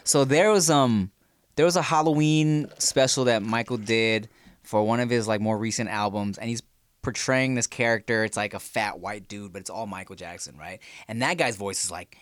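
A man co-hosting a podcast in casual chat, an animated storyteller who slips into voices. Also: fairly low pitch, moderate pace, dry recording. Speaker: podcast co-host.

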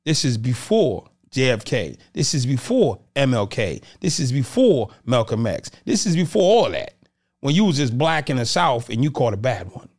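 Animated man telling stories. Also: medium pitch, moderate pace. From Boston area. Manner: animated, acts out quotes of others. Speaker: podcast guest. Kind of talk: casual conversation, storytelling.

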